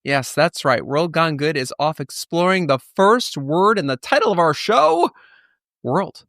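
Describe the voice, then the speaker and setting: A man's voice: fairly high pitch, sing-song, measured pace, fairly bright tone, dry recording, clean studio sound. Playful man hosting a podcast. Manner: playful, jokey. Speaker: podcast host. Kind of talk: upbeat podcast intro. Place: London.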